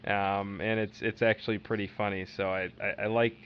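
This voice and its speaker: A man's voice: on the low side, little pitch movement, moderate pace. A man co-hosting a casual podcast chat, rambling and using many fillers. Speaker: podcast co-host. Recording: dull lo-fi audio with faint hiss.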